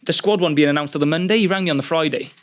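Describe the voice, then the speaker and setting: A young man from Wales, a rugby player, telling stories in a casual podcast chat with lots of fillers and the odd swear. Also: a little high. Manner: quick, animated storytelling with fillers and swearing. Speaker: professional rugby player, guest.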